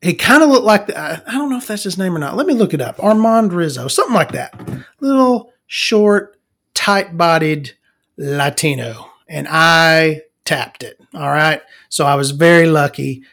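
A man with a raised, gravelly voice rambles through a crude story in a casual podcast monologue. He talks about himself in the third person as Victoria and fills his speech with ums and restarts. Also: fairly high pitch, animated, moderate pace, fairly bright tone. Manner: frequent fillers and self-restarts. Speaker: podcast host.

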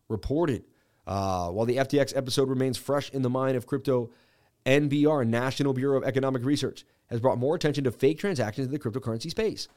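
A man hosting a crypto trading livestream, talking in a halting way with many fillers and restarts, and reading news items aloud with his own comments. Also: medium pitch, darkish tone. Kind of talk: casual livestream talk.

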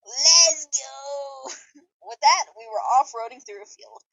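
Giggly high-voiced woman reading fanfiction. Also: expressive, a little fast, rough recording. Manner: giggly, stumbling over words. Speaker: podcast co-host.

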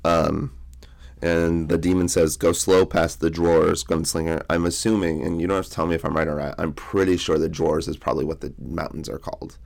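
A man's voice: rumbling low, fairly even intonation, fairly quick, vocal fry. A young man in casual podcast talk, rambling through a book recap with lots of fillers. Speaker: podcast co-host.

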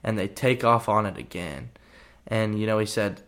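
A young man, a college football player, telling a story on his podcast in a relaxed, rambling way, full of fillers. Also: fairly low pitch, normal speed. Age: young adult. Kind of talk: casual storytelling.

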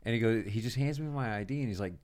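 A man hosting a podcast, casually telling a profane, animated story about his navy days. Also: medium pitch, racing. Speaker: podcast host.

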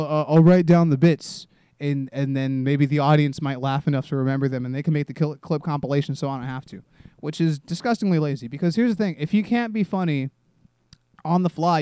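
A man in his twenties hosts a solo comedy podcast in a slightly high, mellow, smooth voice with no room sound. He rambles and puts himself down, swearing often and restarting sentences.

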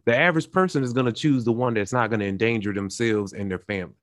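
A man's voice: fairly low pitch, fast, no room sound, studio quality. Earnest man talking it through. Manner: earnest, explaining with examples, frequent restarts. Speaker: podcast host. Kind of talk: casual conversational discussion.

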